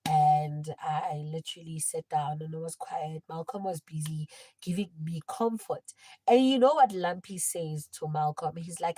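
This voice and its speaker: A young woman livestreaming, telling a personal story in casual chat and swinging between hushed and loud. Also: low voice, fairly even intonation, normal speed, no echo, poor audio.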